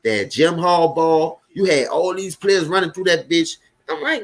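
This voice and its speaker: Profane, animated New Orleans man, high voice. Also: normal speed. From Louisiana. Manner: loud, profane, animated, chatting with viewers. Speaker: sports stream host. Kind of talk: casual live sports commentary.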